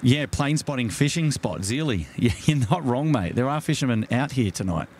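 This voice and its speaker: An Australian man talks easily as he hosts a night-time live stream from a waterfront jetty. He greets viewers one by one in a relaxed, conversational way, with frequent fillers and restarts. A faint outdoor noise sits behind his voice. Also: medium pitch, moderate pace. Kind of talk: casual live stream chat.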